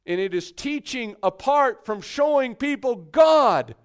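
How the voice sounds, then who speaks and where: Preacher, male, high-pitched and emphatic, hushed one moment and forceful the next. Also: lively intonation, a little slow, smooth. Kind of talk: sermon.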